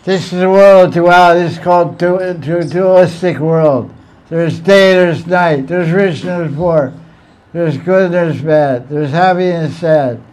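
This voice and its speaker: A man with a fairly high voice gives a relaxed spiritual talk. He tells stories playfully and chuckles often as he goes. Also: a little slow. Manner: chuckling storyteller, playful asides. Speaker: spiritual teacher. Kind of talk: informal religious talk.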